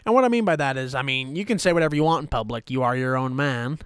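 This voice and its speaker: A man's voice: medium pitch, quick pace, a bit bright, smooth, no room sound, clean studio sound. Foul-mouthed ranting young man. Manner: profane, exasperated, mock-furious. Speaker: YouTuber ranting to camera. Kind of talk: angry comedic rant.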